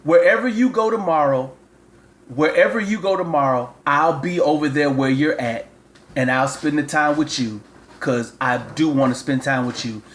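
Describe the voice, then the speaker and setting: Rambling, lecturing dad. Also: male voice, fairly high pitch, moderate pace. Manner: rambling, repeats himself, lecturing. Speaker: father and show host. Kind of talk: comic rambling phone call.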